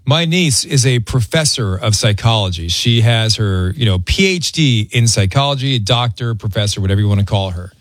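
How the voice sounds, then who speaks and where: A man hosting a morning radio show, telling stories in an animated, exasperated way. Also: on the low side, a little fast, hardly any pauses, no echo.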